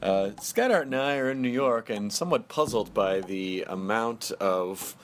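A podcast host with a lowish voice chats casually and jokily, also reading ads with quick, silly bursts. He comes across as animated, and there is slight background noise.

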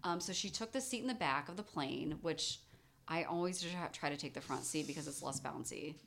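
A woman in her thirties co-hosting a casual chat podcast, telling a story in a chatty, animated way with lots of fillers. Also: low voice, brisk, gravelly, a little hiss or hum. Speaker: podcast co-host.

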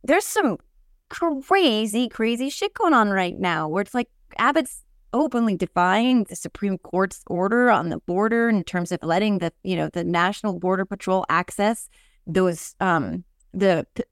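An expressive woman hosts a casual political podcast, her pitch leaping up and down as she talks. She restarts sentences and piles on fillers. The sound is close and dry. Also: a little slow, no room sound. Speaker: podcast host.

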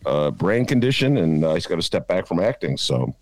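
A man hosting a comic talk podcast, rambling and excitable, often laughing at his own jokes. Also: low-pitched, fairly quick, no room sound. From Chicago. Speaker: podcast host. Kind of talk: casual comic talk show. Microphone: video call.

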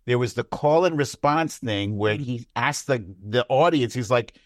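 A man in casual political chat, animated, acting out quotes with big jumps in pitch. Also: moderate pace, no room sound, studio quality.

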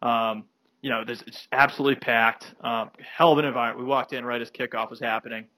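A man's voice: mid-range voice, steady tone, fast, bright, forceful tone, dry recording. A young man co-hosting a podcast, telling a rambling anecdote full of fillers in casual chat. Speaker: podcast co-host.

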